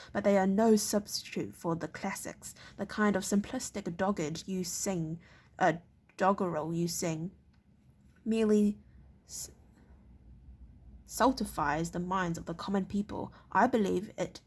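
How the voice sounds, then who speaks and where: A woman's voice: mid-range voice, a little mellow, husky. A woman voicing a haughty, touchy male castle lord in a read-aloud novel, stern and clipped, sometimes stumbling over words.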